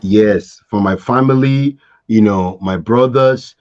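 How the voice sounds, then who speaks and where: A man in his forties from Africa, a podcast guest telling his life story in a lively, acted-out way. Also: fairly low pitch, takes it slowly. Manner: animated storyteller, laughs and acts out scenes. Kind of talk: casual storytelling interview. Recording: dull lo-fi sound.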